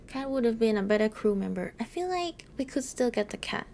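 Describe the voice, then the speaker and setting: A woman's voice: a little high, animated, fairly quick, vocal fry, warm tone, a little hiss or hum. A young adult woman streaming a game, musing and hesitating with frequent "um"s as she plays. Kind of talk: casual gameplay commentary.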